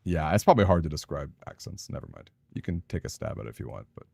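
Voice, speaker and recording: A man's voice: very deep voice, very animated, fast talker, vocal fry, darkish tone, dry recording. A man with a Southern Californian accent, chatting in a rambling, casual way with his live-stream audience while he plays a game. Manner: chatty, rambling, answers chat aloud.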